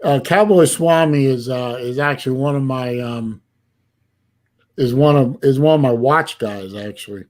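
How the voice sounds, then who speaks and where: Male stream host, casual, halting and restarting, middle-pitched voice. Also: a little mellow. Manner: halting, many restarts while fiddling with an app. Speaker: livestream host. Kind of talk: casual chat.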